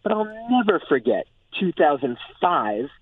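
A man reporting on football as a phone-in guest, talking in an animated, excited way with lots of "like". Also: on the high side, unhurried, breathy edge, no echo. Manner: animated, filler-heavy, excited. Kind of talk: phone-in sports analysis. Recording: tinny phone line.

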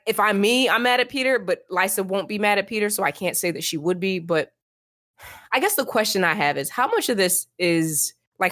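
A young adult woman co-hosting a casual podcast, talking in an animated, emphatic, slangy way and voicing strong opinions. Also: medium pitch. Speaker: podcast co-host. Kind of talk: casual podcast chat, reading book passages aloud.

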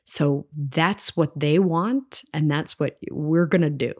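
A woman's voice: deep voice, slow pace, darkish tone, husky. A woman in her forties, a stage performer, talking earnestly and animatedly through her doubts in an interview. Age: 40s. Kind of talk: reflective interview conversation.

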